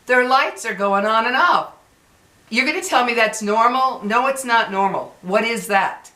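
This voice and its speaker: A woman's voice: a little high, measured pace, bright, forceful tone, echoey room, low-quality recording. A woman in her sixties venting bluntly and heatedly to her viewers, repeating herself as she complains. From United States. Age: 60s. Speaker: vlogger. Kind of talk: angry venting to camera.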